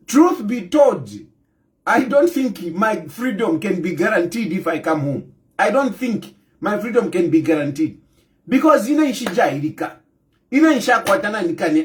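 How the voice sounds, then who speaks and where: A fired-up Zambian man with a Zambian accent speaks straight to his listeners about politics. His voice sits high for a man and swings widely, and he repeats each point for force. He slips Bemba phrases in among the English. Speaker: political commentator. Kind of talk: impassioned direct-to-camera address.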